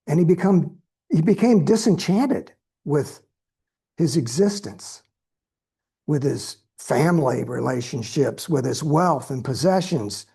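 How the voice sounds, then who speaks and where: A man giving a dharma talk as a Buddhist teacher, telling a story in a slow, measured way with pauses. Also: fairly high pitch, mellow, slightly rough.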